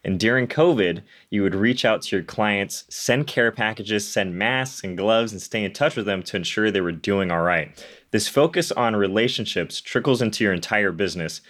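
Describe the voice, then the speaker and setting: A man's voice: fairly low pitch, lively intonation, moderate pace, a bit bright. A man hosting a podcast, asking the guest questions and answering him with short words of agreement. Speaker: podcast host. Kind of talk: interview questions and backchannel.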